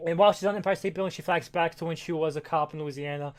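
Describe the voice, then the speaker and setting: Fast-talking man recapping comics. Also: on the high side, fairly even intonation. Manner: rambling, swearing, many fillers and restarts. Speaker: podcast co-host. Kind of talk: casual chat recapping a comic.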